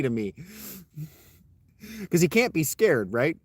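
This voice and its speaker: Man reading old legend, lively delivery. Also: mid-range voice, slow, pauses often, dry recording. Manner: irreverent, swears in asides, animated. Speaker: storyteller. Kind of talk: reading an old tale aloud with casual asides.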